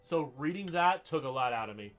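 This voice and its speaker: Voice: mid-range voice, animated, a little fast, fairly bright tone, soft background music. A podcast host with a scratchy throat, chatting casually on a solo show, rambling with lots of fillers and giggles.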